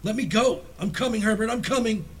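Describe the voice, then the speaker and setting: A man voicing a frantic shrill old woman. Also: moderate pace, bright, forceful tone, husky, heavily acted. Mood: frantic, pleading. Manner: shrill, desperate pleading. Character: frantic grieving old mother.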